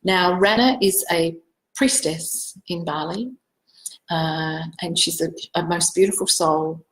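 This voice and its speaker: A woman's voice: on the low side, takes it slowly, fairly bright tone, roomy sound, low-quality recording. A middle-aged Australian woman, a psychic medium, telling a personal story in an emotional, rambling way full of fillers and digressions. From South Australia.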